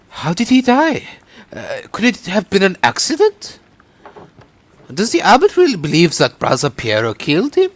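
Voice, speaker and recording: A man voicing a pious, earnest village printer in a let's-play, with a drawn-out, theatrical delivery. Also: medium pitch, no echo, full character voice.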